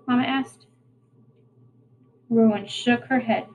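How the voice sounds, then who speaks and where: A woman reading a children's novel aloud in a steady, plain storytelling way. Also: fairly high pitch, normal speed, long pauses, slight background noise, rough recording. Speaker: reader.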